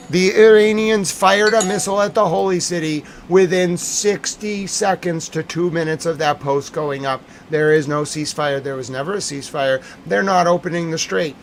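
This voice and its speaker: A man's voice: fairly high pitch, moderate pace, hardly any pauses, a little hiss or hum. A man giving live-streamed commentary on breaking news, agitated and emphatic, repeating his points.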